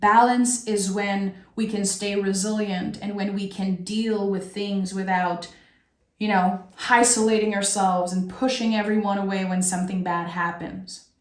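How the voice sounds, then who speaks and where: A woman giving a spiritual tarot reading in a slow, earnest, heartfelt way. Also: medium pitch, steady tone. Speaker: tarot reader. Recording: roomy echo.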